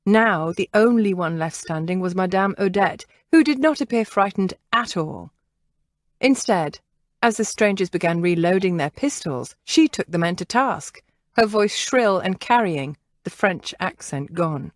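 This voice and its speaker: Woman narrator for a historical novel; lower voice, dry, measured and expressive delivery. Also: no echo. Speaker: audiobook narrator. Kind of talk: scripted narration.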